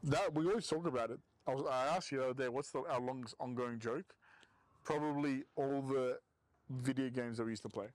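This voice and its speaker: A man in a casual chat, reminiscing in a lively way and swearing freely. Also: medium pitch, brisk, no echo.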